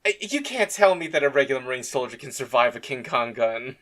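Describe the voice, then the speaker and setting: A man's voice: mid-range voice, animated, a little fast, fairly bright tone. A man co-hosting a casual review chat, laid-back, laughing often and swearing freely. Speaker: podcast co-host.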